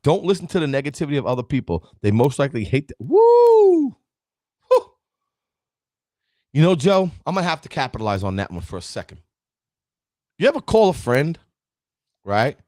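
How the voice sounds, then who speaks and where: A man's voice: mid-range voice, big pitch swings, fairly quick, long pauses, darkish tone, no room sound, studio quality. A man giving a live-streamed motivational talk, emphatic and preachy, often asking "right?" and greeting viewers by name. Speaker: motivational speaker.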